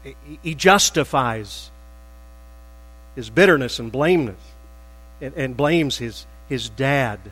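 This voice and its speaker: A man preaching a sermon as pastor, emphatic and animated, acting out quoted lines with rising bursts. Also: mid-range voice, slow, long pauses, big-room sound, rough recording.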